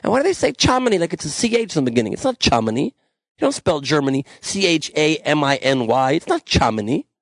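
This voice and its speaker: Gravelly, ranting male podcast host. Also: fairly high pitch, very animated, fast talker, dry recording. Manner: ranting, sarcastic, swearing. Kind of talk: comedic news commentary. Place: small room alone.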